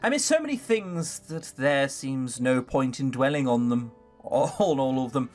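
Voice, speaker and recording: Soft-spoken wistful young girl, read by a player, lively pitch, faint music under. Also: a little slow, close to an everyday voice. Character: gentle fallen rich schoolgirl.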